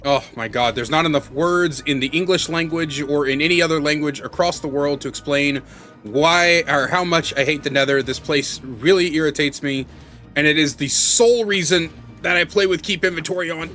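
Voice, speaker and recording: A man's voice: fairly high pitch, moderate pace, pushed and bright, soft background music. A man giving casual, rambling commentary as he plays a block-building game, sometimes yelping and pleading in panic. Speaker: Minecraft let's play host.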